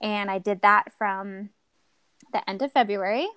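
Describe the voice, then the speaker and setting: A young adult woman with a smooth, medium-pitched voice tells a personal story as a podcast guest, speaking unhurriedly in a dry recording. She's expressive, acting out quoted dialogue and laughing often.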